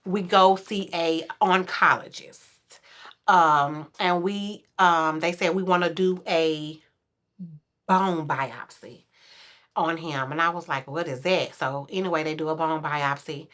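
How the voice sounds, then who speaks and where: Bright-voiced woman telling a story animatedly. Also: a little slow. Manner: animated, acts out quotes in a louder, higher voice. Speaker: podcast guest. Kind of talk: casual storytelling chat.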